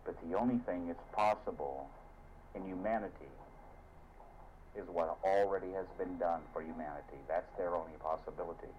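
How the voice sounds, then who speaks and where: A man preaching a sermon as a minister, telling stories with fervor and sudden swings of loudness. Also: low voice, normal speed. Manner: fervent, dramatic storytelling with shifts of loudness. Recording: dull lo-fi recording with faint hiss.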